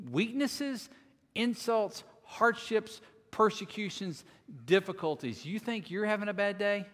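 A lead minister delivers a sermon in a fairly high voice, leaning hard on key words and then dropping to near hush. His voice rings out with a long reverb. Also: a little slow. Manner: earnest, dramatic swings between loud and quiet.

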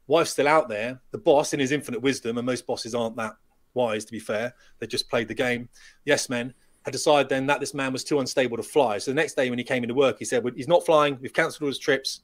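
A middle-aged man, a retired pilot, telling lively anecdotes as a podcast guest and acting out the dialogue. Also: medium pitch, fairly quick. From United Kingdom. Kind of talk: storytelling in a podcast interview.

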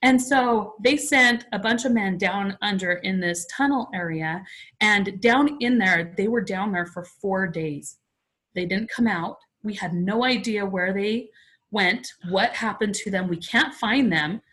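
A woman's voice: mid-range voice, unhurried, fairly bright tone. Chatty woman in her forties, earnest. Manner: earnest, chatty, frequent "like" fillers. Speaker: podcast guest. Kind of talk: personal storytelling in conversation.

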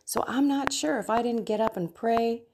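A middle-aged woman hosting a faith podcast, talking earnestly about her prayer life with personal stories and soft asides. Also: on the high side, normal speed, noisy background. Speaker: Catholic podcast host. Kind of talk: reflective faith talk.

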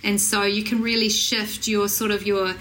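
A woman in her forties, a parenting guest, talking earnestly and warmly affirming in casual conversation. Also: medium pitch, little pitch movement, moderate pace, a little hiss or hum, poor audio. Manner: earnest, affirming, with short agreeing replies.

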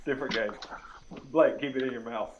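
A man's voice: mid-range voice, fairly even intonation, fairly quick, highs cut off, a crowd in the background. A man hosting a podcast, joking with crude quips during casual banter.

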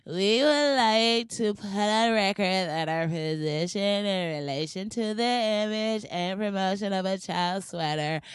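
A stiff, solemn voice drawls through a formal statement, slow and flat, lower and quieter than her normal talk, as a woman puts it on. The tone stays smooth and clear, with a dry, close sound. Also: no room sound. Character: stiff, solemn woman reading corporate apology.

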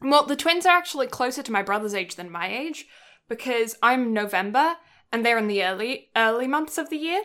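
A woman's voice: on the high side, expressive, brisk, fairly bright tone. A young woman co-hosting a podcast in casual chat, rambling with lots of fillers and giggles. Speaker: podcast co-host.

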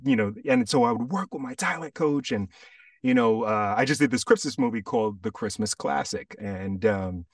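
A man from Jamaica, an actor guest chatting casually on a podcast, telling stories in a relaxed way with animated asides. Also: medium pitch, moderate pace, dry recording, studio quality, recorded from a distance.

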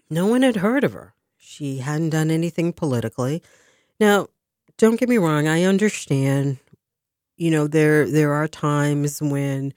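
A woman's voice: very deep voice, a little mellow, no echo, clean studio sound. A woman hosting a community radio talk show, speaking casually and rambling with restarts.

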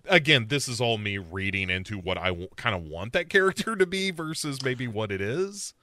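A man's voice: mid-range voice, expressive, normal speed, bright, forceful tone, no room sound. A man co-hosting a podcast, casually recapping a show and acting out quotes in a rambling, playful way. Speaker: podcast co-host.

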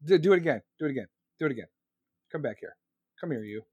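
A man rants in a loose, crude and sarcastic way, drifting from one tangent to the next. His voice sits a bit high for a man, and the recording is dry and close with no room sound. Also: expressive, fast, a little mellow, husky, no room sound, muffled recording. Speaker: live-stream host. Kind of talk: casual profane rant.

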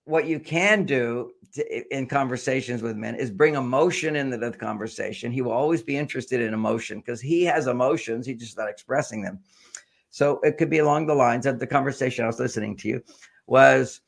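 A man's voice: mid-range voice, a little fast, vocal fry. An older man, a guest author, explaining relationship ideas with generalizations and stories in a talk show interview.

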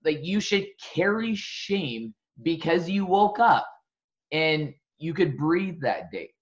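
A man's voice: on the high side, big pitch swings, slow. A man in his thirties talking in casual conversation, blunt and emphatic, swearing. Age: 30s. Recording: muffled lo-fi audio.

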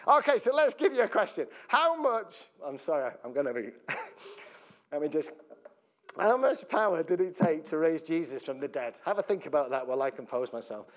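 Man, pastor, sermon, conversational, laughs often, slightly high voice. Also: sing-song, normal speed. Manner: jokey, laughs often, breaks up mid-sentence; conversational, asks the congregation questions.

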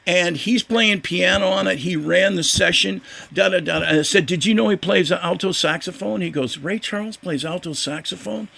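An older man with a gravelly voice, telling a story as a guest musician in a casual interview and acting out the voices of the people in it. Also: sits high, moderate pace, hardly any pauses. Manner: animated, acts out quoted voices.

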